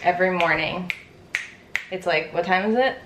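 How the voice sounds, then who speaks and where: A woman's voice: lowish voice, normal speed, noisy background. A young woman in her twenties chatting casually in a vlog, rambling with lots of fillers, out of breath after a workout. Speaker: vlogger. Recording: echoey room.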